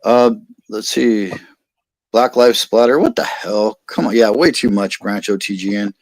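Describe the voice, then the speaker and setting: A man's voice: lowish voice, a little slow, dry recording. An American man hosts a casual livestream and rambles through his thoughts. He reads viewer comments aloud as he goes, and his voice sits dry and close with almost no room around it. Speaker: livestream host.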